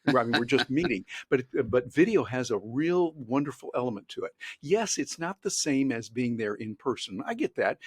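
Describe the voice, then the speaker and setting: A man talking as a guest on a video call from his home office, folksy and animated, acting out little dialogues as he tells stories. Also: medium pitch, a little fast, few pauses, breathy edge, no room sound, studio quality. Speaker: guest speaker. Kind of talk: casual interview chat.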